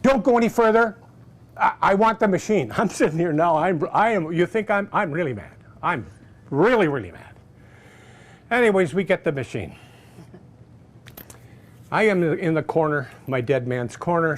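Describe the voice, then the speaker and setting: A man telling a personal story casually, animated and acting out other people's voices. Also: fairly high pitch, normal speed, long pauses. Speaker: customer giving a testimonial.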